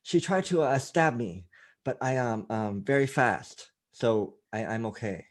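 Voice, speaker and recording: Man doing deadpan young guy, halting broken English, soft and flat. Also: mid-range voice, lightly acted.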